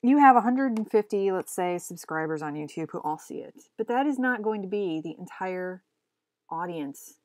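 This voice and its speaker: With a medium pitch, lively intonation, and a slightly mellow tone, this young woman speaks at a moderate pace in a dry recording. She's a comic artist vlogger chatting as she draws, rambling, mocking herself, and muttering to herself.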